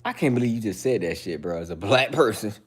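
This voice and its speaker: A man's voice: fairly low pitch, expressive, fast, breathy edge. A man hosting a livestream who answers viewers by name in casual, heated talk, calling everyone "bro.". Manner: heated, preachy, says "bro" constantly; addresses chatters by name. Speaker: livestream host.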